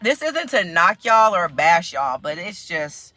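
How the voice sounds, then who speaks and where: This is a casual to-camera vlog by an American woman whose pitch is fairly low and whose pace is measured. Chatty and laughing frequently, she voices other people's quotes with animation. There's no room sound.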